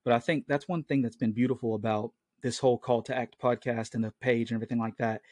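A man's voice: medium pitch, fairly even intonation, fast talker, a little mellow, no echo, studio quality. A man in his late twenties hosting a Christian podcast from home on his own mic, talking in an earnest, rambling way. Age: late 20s. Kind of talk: casual solo podcast talk. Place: at home, family in the next room.

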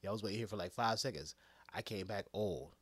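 A man voicing an old, worn-out male superhero, mumbling low and laid-back. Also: a little fast, a bit bright, breathy edge, dry recording. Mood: smug.

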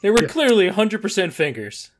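A man riffing on a bad movie with a co-host, animated and quick to laugh. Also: high-pitched. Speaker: podcast co-host. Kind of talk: casual movie recap chat.

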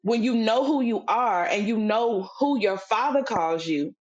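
A middle-aged woman co-hosting a faith podcast, telling a family story in a relaxed, chatty way and building into emphatic, preachy points. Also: fairly high pitch, measured pace, dull audio. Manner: conversational, acts out quoted voices, turns preachy and emphatic. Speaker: podcast co-host. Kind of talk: casual faith-based storytelling chat.

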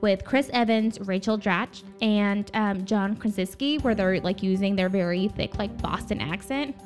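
A woman's voice: mid-range voice, unhurried, darkish tone, soft background music. A young woman co-hosting a podcast, chatting casually and giggling, with lots of filler words. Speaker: podcast co-host. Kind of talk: casual chat.

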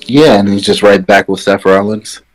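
A man's voice: fairly low pitch, normal speed. A man co-hosting a casual wrestling chat podcast, rambling and opinionated, speaking from a distance away from his microphone. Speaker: podcast co-host. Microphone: far from his mic.

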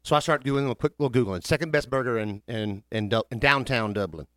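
Man, podcast host, animated storyteller, does voices. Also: mid-range voice, quick pace, no room sound, studio quality. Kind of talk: casual storytelling chat.

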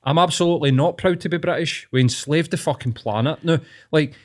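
A man's voice: on the high side, fairly quick. Blunt, sweary Scottish man. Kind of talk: casual chat.

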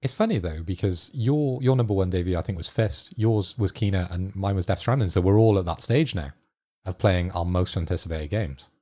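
A man's voice: deep voice, brisk, dark tone. A man co-hosting a casual gaming podcast who asks questions and follows up on them. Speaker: podcast co-host and editor.

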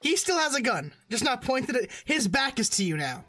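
A woman's voice: on the high side, sing-song, normal speed, a bit bright, dry recording, faint music behind. A woman narrating a tabletop game as game master, casual and crude.

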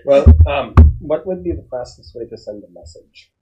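A man's voice: medium pitch, lively intonation, moderate pace, loud music behind the voice. A man playing a tabletop game in character, speaking politely and courteously. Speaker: player. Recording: muffled lo-fi sound.

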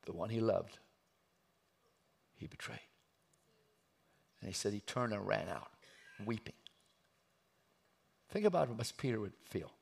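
A man preaching a sermon, acting out a story and swinging from hushed tones to loud outbursts. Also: lowish voice, expressive, measured pace, long pauses. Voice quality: gravelly, husky.

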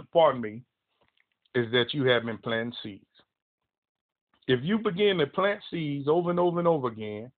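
A man preaching a broadcast sermon, emphatic and repetitive as he quotes scripture. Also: mid-range voice. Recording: tinny phone-line audio.

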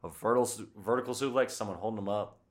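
Man, low voice, podcast host, casual chat, profane, excited. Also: fast talker. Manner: excited, profane, acts out quotes.

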